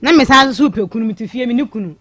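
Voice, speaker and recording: A woman telling a candid personal story on a radio show, emphatic and animated, pleading her case with the host. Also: fairly high pitch, very fast, dry recording, clean studio sound.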